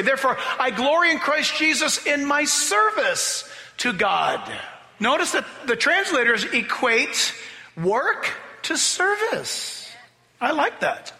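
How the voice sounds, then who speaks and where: A man's voice: extremely high pitch, bright, forceful tone, big-room sound. A male pastor preaching an emphatic sermon and reading scripture aloud. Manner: emphatic preaching, spells out key words, acts out quoted voices.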